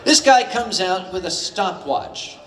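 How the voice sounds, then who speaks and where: Older American raconteur, high and animated, wry and salty, caught from the back of an echoey hall. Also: male voice, takes it slowly, recorded from a distance. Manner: animated, wry, profane humor. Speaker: storyteller at a live convention event. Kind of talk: live comedic storytelling. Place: large convention hall with audience.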